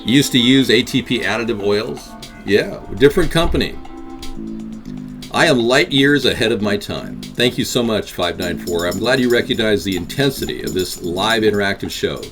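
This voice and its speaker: A man's voice: lowish voice, expressive, moderate pace, music in the background. A man hosting a live interactive talk stream, rambling and combative as he answers chat.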